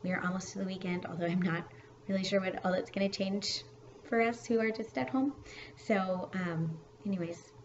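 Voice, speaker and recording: A woman's voice: mid-range voice, normal speed. A woman kindergarten teacher talks through a home teaching video in a loose, chatty way, often restarting her sentences. The recording is slightly dull, with a faint hiss underneath. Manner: chatty, relaxed, with fillers and restarts. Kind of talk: casual teaching video for parents.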